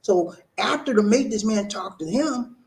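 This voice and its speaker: A man hosts a live stream and tells his viewers a story in a relaxed, chatty way. His pitch swings widely as he gets into it. He stumbles over and repeats words, then acts out what each person said. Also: normal speed. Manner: animated, repeats words, acts out quoted dialogue. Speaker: live-stream host reading viewer comments.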